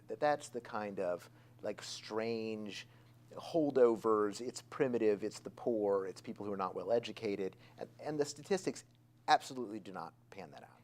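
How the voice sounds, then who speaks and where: A man's voice: fairly low pitch, darkish tone. A man, a historian, speaking in an interview with emphasis as he cites statistics. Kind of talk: expert interview.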